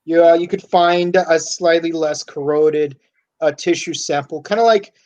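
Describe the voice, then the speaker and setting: A man's voice: on the high side, steady tone, unhurried, a little mellow. A man on a podcast chiming in with fan trivia and nerdy asides in a casual tone. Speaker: podcast co-host. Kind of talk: casual chat.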